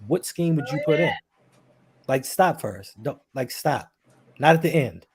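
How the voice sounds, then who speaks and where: A man co-hosting a sports podcast, talking football in an animated, argumentative way. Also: a little high, measured pace, creaky, breathy edge. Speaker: podcast co-host. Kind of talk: casual sports talk.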